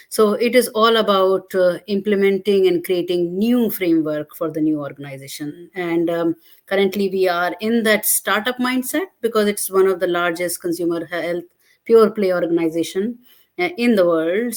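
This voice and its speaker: A woman interview guest who speaks earnestly and explains things at length, often pausing on filler sounds. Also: lowish voice. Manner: earnest, explanatory, with frequent hesitations. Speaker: guest, digital transformation leader. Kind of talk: conversational interview.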